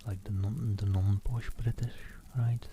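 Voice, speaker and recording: A man reading a novel aloud as an ASMR streamer, in soft whispered narration close to the mic. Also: lowish voice, little pitch movement, unhurried, a little hiss or hum.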